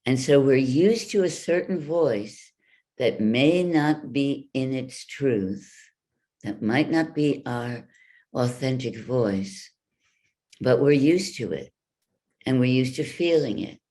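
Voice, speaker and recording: A woman voice coach giving a workshop talk, speaking deliberately and guiding the listeners through exercises with demonstrations. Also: rumbling low, lively intonation, warm tone. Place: virtual workshop from home.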